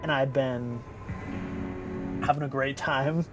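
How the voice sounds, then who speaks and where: A man's voice: mid-range voice, steady tone, takes it slowly, over loud music. A tired young man streaming live, chatting casually with viewers in a rambling, giggly way and playfully repeating words.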